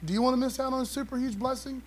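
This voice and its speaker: High-voiced pastor preaching casually. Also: male voice, steady tone, very fast. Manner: casual preaching with slang and calls to the congregation. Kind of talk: sermon.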